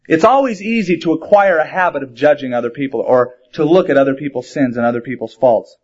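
A man's voice: fairly high pitch, quick pace, darkish tone, slightly rough. A man preaching a sermon in a conversational way, asking rhetorical questions and mixing in humor. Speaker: pastor. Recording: dull lo-fi sermon recording.

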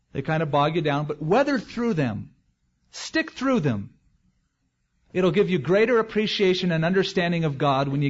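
A man's voice: a little high, highs cut off. A man as pastor, preaching a verse-by-verse expository sermon in a conversational way with joking asides.

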